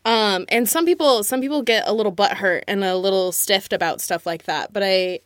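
A woman's voice: medium pitch, brisk, no room sound. Chatty woman voice actor, dry sound. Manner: chatty, emphatic, laughs often. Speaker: voice actor guest. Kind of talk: casual chat.

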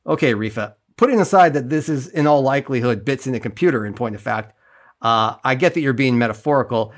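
A man's voice: mid-range voice, lively intonation, fast talker. A man co-hosting a podcast, recapping an episode in a casual, wry and sarcastic way, swearing now and then. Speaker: podcast co-host.

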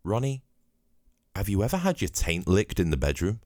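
A man's voice: low-pitched, big pitch swings, normal speed, mellow, dry recording, clean studio sound, voice pushed up. A man putting on the voice of his crude, boozy radio host friend at a party.

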